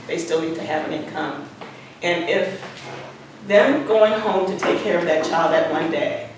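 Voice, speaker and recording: Lady in her 60s telling stories, repeats herself for emphasis, mic far off, noisy background. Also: on the low side. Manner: repeats phrases for emphasis, acts out quoted dialogue. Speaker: museum founder sharing life lessons. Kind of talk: earnest conversational storytelling. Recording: echoey room, mic far off, background noise.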